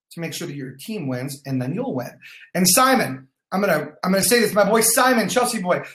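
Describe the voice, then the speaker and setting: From his phone, a sales team leader livestreams an energetic motivational talk in a high-pitched, reverberant voice. He hammers points home by repeating them, swears casually, and greets viewers by name.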